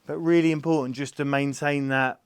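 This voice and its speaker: A gentle, patient man explains his work with an animal in an easygoing, reassuring way. His voice is smooth and clear at a middle pitch, and it is recorded close and dry with no room sound. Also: fairly quick, no echo. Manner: calm, gentle, patient, soothing the animal softly. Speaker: farm animal carer. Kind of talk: explaining while handling a horse.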